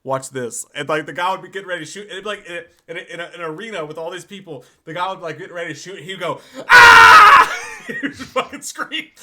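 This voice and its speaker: Bright, high-voiced man telling stories. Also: very fast, hardly any pauses, a little hiss or hum. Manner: profane, animated storyteller acting out other people. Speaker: podcast co-host. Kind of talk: casual live-stream chat.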